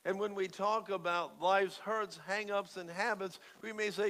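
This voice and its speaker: Earnest pastor guy preaching slow, leans on every word, big reverb hall. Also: high-pitched, steady tone, a bit bright. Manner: earnest, emphatic, deliberate. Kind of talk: sermon.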